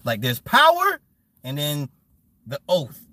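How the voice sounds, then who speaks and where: A man hosting a casual livestream, reading chat aloud and riffing with loud laughs, mockery and swearing. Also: fairly high pitch, takes it slowly, no room sound. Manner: animated, laughing, mocking, swearing.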